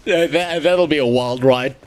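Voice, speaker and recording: A man's voice: medium pitch, a little hiss or hum. A man streaming a game, talking casually to himself and his chat, grumbling and swearing constantly. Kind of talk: casual gameplay commentary. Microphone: headset.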